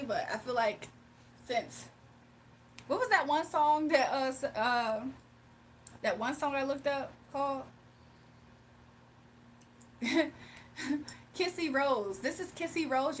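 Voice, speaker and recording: A young woman with a fairly high voice chats playfully on a livestream, laughing and talking straight to her viewers. She sits a little back from the mic, with faint room noise behind her. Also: takes it slowly, long pauses, recorded from a distance. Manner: playful, laughing, talks to chat. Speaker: livestream host. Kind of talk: casual livestream chat.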